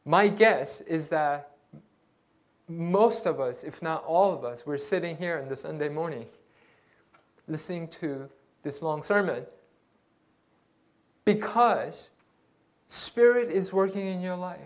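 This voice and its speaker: Slow, earnest preacher giving a sermon. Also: medium pitch. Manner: earnest, repeats words while searching for them. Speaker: pastor.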